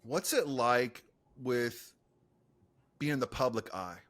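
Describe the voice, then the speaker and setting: A man's voice: mid-range voice, lively intonation, slow, a bit bright. A man hosting a podcast, chatting enthusiastically and casually, full of "like" and "dude". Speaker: podcast host, coach. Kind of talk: casual interview chat.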